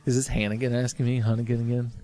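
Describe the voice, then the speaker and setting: A man's voice: mid-range voice, level tone, very fast, mellow. A man giving casual gameplay commentary as a let's play host, rambling with sarcasm and constant swearing.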